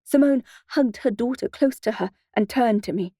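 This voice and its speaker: Wry woman narrator for a first-person audiobook, mellow tone, dead-dry booth sound. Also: a little high, moderate pace, hardly any pauses, no echo.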